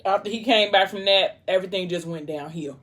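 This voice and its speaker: A woman's voice: medium pitch, fairly quick, fairly bright tone. A woman vlogger chatting casually, retelling a book's scenes while eating, reading out dialogue and leaning on "like". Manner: chatty storytelling, reads out dialogue, fillers like "like".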